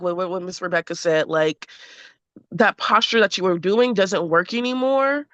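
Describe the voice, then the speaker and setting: A woman speaks candidly in a group session. She is earnest and emotional, peppers her speech with fillers and slips into animated voices for quotes. Her voice sounds bright and sharp, and the recording is dull and very dry. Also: medium pitch, no room sound. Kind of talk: candid personal sharing.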